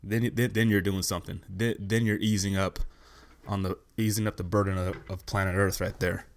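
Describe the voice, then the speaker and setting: A man's voice: deep voice, level tone, brisk, creaky. A young man hosting a podcast, ranting bluntly in a casual, profane way. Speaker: podcast host. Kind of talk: casual rant.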